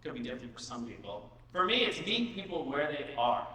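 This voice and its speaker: A man giving a lively conference talk, throwing questions to the audience, recorded in a large hall. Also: medium pitch, a little fast. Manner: energetic, asks the audience questions. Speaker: conference speaker. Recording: echoey hall from far off.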